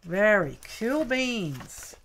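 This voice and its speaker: A woman's voice: medium pitch, sing-song, very slow, fairly bright tone. A woman hosting a craft livestream, chatting casually and cooing over mail she opens, a little tired. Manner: cooing and chatty, greets viewers by name. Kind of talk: casual chat opening mail.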